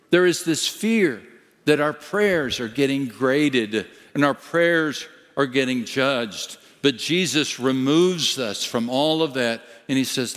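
A male pastor preaching a sermon slowly and emphatically, dropping to a hush at times. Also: mid-range voice. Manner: slow, emphatic preaching with dramatic dips to a hush. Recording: long reverb of a large hall.

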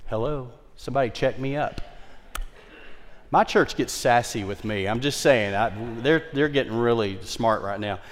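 A man pastor with a Southern twang preaching a sermon, swinging from loud, fired-up exhortation to hushed storytelling. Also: mid-range voice, normal speed. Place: church sanctuary. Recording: long reverb from a large hall.

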